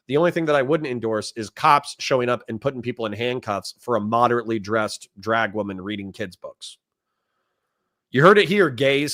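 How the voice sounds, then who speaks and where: A male livestream host in casual commentary mode, reading viewers' comments aloud and reacting to them. He talks bluntly and swears freely, and he gets heated fast. His voice sits at an ordinary middle pitch for a man. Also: fairly bright tone. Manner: blunt, profane, quick to get heated.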